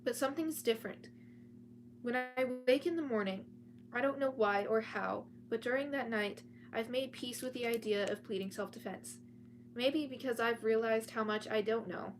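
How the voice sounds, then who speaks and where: A woman reads a serial thriller aloud in a casual storytime way. Her voice sits a little high and she trips over words and restarts often. She talks from home with her cats around. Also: normal speed, slight background noise. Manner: reads with frequent restarts and chatty asides.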